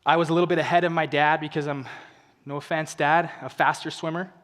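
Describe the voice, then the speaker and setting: A young man with a slightly high voice tells a personal story to an audience. He drops to hushed, emotional lows and rises to urgent appeals. His voice rings with the long reverb of a large event hall. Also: little pitch movement, fast. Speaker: motivational speaker. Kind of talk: inspirational stage talk.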